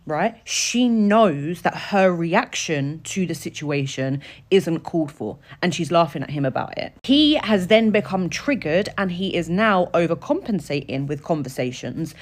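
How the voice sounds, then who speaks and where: A woman's voice: lowish voice, lively intonation, measured pace, few pauses. A woman giving blunt, heated commentary on a viral video, swearing freely. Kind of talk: reaction commentary.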